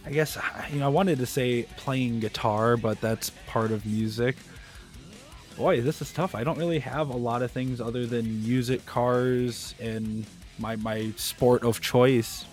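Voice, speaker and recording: A man's voice: medium pitch, steady tone, measured pace, a little mellow, faint music behind. A man co-hosting a podcast in easygoing casual chat, talking freely and laughing now and then. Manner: easygoing, chatty, laughs often. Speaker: podcast co-host.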